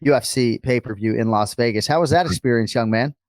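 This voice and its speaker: A man co-hosting a podcast, talking casually and energetically, with quick asides. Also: mid-range voice, dry recording, studio quality. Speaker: podcast co-host. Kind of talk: casual chat.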